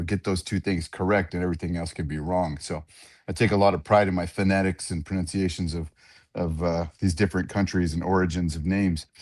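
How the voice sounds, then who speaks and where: A man, a ring announcer, telling animated stories in a casual interview and acting out other people's lines. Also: low-pitched, no echo, studio quality. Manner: animated storyteller who acts out others' voices.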